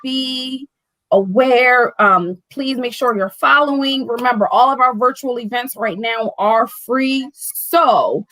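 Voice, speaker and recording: A woman who owns a bookstore, telling a story in casual chat, animated and full of "like" and "right?". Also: fairly high pitch, slow pace, no room sound, low-quality recording. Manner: animated storyteller, acting out quoted dialogue; fills speech with "like" and "right?". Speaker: bookstore owner.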